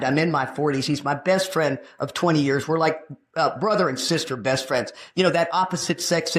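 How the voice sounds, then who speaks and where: A woman in her sixties from Texas, telling her own recovery story at a meeting in a frank, animated storytelling way with touches of humor. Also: deep voice. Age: 60s. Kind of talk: personal testimony at a recovery meeting. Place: meeting room.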